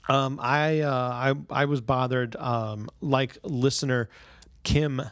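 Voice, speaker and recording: Man, casual comedic chat, wry jokes, mid-pitched voice, dry close sound. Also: steady tone, slow, a bit bright, dry recording. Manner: wry, joking, chuckles often.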